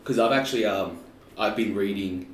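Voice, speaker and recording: Low-voiced man rambling casually. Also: moderate pace. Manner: relaxed, rambling, stammers and laughs. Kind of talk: casual chat. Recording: roomy, distant mic with faint noise.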